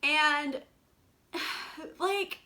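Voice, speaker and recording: A young female book vlogger talks through what she's been reading, casual, chatty, and sarcastic. She has a high, bright, lively voice, sprinkles in lots of fillers, and laughs in quick bursts.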